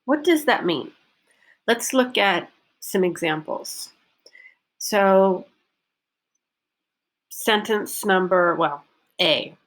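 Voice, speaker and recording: Female teacher, slow and deliberate delivery, models stressed words clearly for practice. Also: mid-range voice, lively intonation, fairly bright tone. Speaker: pronunciation teacher. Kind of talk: recorded online lesson.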